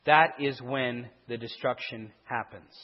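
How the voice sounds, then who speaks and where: A man's voice: mid-range voice, steady tone, unhurried. A man explaining a Bible passage verse by verse, with restarts and emphatic stresses. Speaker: Bible teacher. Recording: dull sound with a long hall echo.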